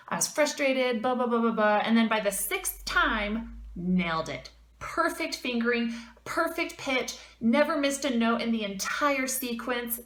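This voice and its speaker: A woman fitness vlogger telling a personal story to her viewers in a casual, animated and emphatic way. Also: a little high, roomy sound.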